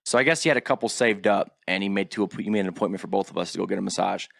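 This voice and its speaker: A man hosting a podcast, telling a crude story in casual chat, acting out quotes and breaking into loud laughter. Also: low-pitched, racing, gravelly, no echo, clean studio sound. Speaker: podcast host.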